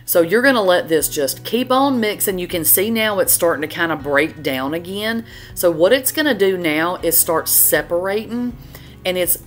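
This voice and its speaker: A middle-aged woman, hosting a cooking channel in a chatty, folksy voiceover. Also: on the low side. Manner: chatty, folksy, says y'all a lot. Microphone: voiceover mic.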